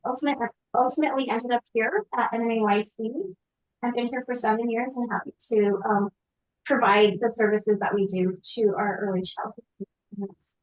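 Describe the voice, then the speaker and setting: A woman's voice: medium pitch, rough recording. A woman speaking as a guest on a podcast, an association director, explaining her background in a conversational way with frequent ums.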